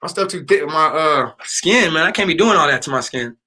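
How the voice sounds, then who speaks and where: A man's voice: fairly high pitch, expressive, fairly quick, sharp tone. A man in his thirties chatting casually with viewers on a livestream, telling loose stories full of fillers and slang. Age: 30s. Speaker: livestream host.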